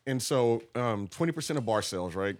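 A man's voice: mid-range voice, a little fast. A man from Texas, a guest promoter telling stories casually and acting out what people said. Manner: animated, acts out quotes with laughter. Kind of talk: casual storytelling.

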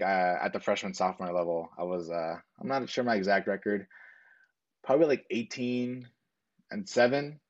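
A young man recounts his past in a relaxed, rambling way, leaning on "um" and "like" and acting out both sides of old conversations. His voice sits on the low side. The recording is a bit dull and muffled. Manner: earnest, rambling with frequent fillers and self-quotes. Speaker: interviewee. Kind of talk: casual storytelling.

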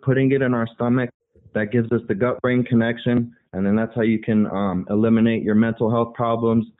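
A man calling in to a talk show, talking earnestly and preachily in wandering sentences. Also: medium pitch. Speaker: caller. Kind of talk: casual call-in chat. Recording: phone-line call.

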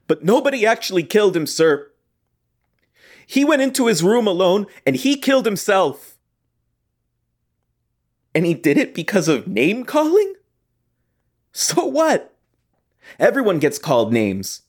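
Brief: young man as a guilty, defensive teenage jock; rambling, fishing for agreement, slightly high voice. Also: heavily acted. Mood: indignant. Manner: rambling, keeps seeking agreement. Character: defensive teenage boy hockey player, guilt-ridden. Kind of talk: theatre monologue.

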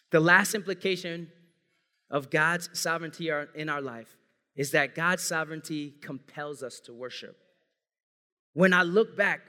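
A man with a fairly high-pitched, sharp-toned voice preaches an earnest sermon as a pastor, addressing his congregation as family. The recording carries a long hall reverb.

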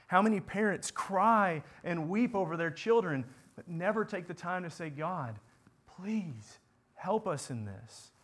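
A man preaching a sermon, building to impassioned repeated questions and sinking to quiet, earnest prayer. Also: sits high, expressive, a little slow. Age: adult parent.

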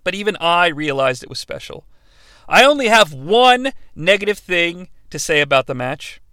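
Brief: high, crisp man in his thirties, sarcastic podcast host on a dry close mic. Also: sing-song, moderate pace, bright, forceful tone, dry recording. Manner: playful, sarcastic, jumps into impressions. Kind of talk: comedic wrestling review podcast.

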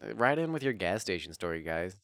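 A man's voice: sits low, brisk, no room sound. A young man co-hosting a podcast, chatting crudely and laughing a lot as he tells stories close to the mic. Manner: crude, giggly, animated storyteller. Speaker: podcast co-host. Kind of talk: casual podcast banter. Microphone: close studio mic.

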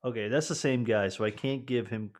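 A man's voice: medium pitch, brisk. A man chatting casually over a movie, joking wryly and keeping a running count. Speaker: movie commentary co-host.

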